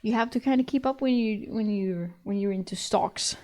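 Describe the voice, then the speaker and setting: A woman's voice: mid-range voice, normal speed, warm tone. A young woman streamer chatting casually with her viewers, laughing often and swearing casually.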